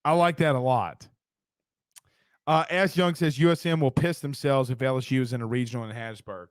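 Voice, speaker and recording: A man hosting a casual sports talk show, emphatic and quick, reading viewer comments aloud and ribbing his co-host. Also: medium pitch, steady tone, no room sound, studio quality.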